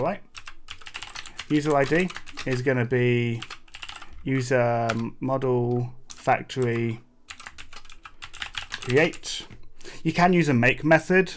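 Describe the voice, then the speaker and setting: A man's voice: medium pitch, a little hiss or hum. A man from Britain hosting a live coding stream, thinking aloud with plenty of fillers and asides to his chat. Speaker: livestream coding host. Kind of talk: casual live coding commentary. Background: keyboard typing.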